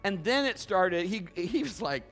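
A male pastor preaching a sermon in a conversational storytelling way, building to loud emphatic bursts. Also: high voice, lively intonation, a little slow, faint music behind.

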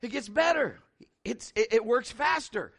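A middle-aged man preaching a sermon in an animated, conversational way, with big swings in pitch. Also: measured pace.

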